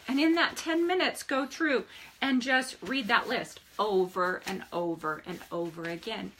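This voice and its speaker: Bright, enthusiastic older woman coach. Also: mid-range voice, a little hiss or hum. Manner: enthusiastic and animated, often laughing. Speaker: life coach. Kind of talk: motivational vlog talk.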